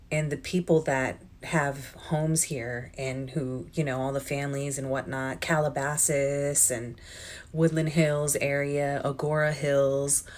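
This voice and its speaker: A young woman with a low voice recounts a personal story in a casual vlog. She talks in a loose, chatty flow full of "like" and "um," and her voice is close to tears. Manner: chatty and emotional, with many "like" and "um" fillers. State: teary-eyed. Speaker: vlogger. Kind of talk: personal life-update vlog.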